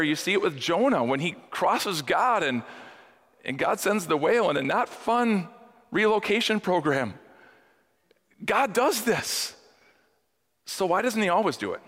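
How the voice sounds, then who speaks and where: A man's voice: sits high, bright, forceful tone. A man preaching a sermon to his congregation in a church hall, talking conversationally with humor and rhetorical questions. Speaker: pastor. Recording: echoey hall.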